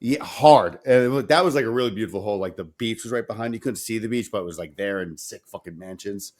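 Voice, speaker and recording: A man's voice: on the low side, fast talker. A man co-hosting a casual podcast, telling a story with lots of swearing and acted-out dialogue. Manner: animated, swearing, acts out dialogue. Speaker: podcast co-host.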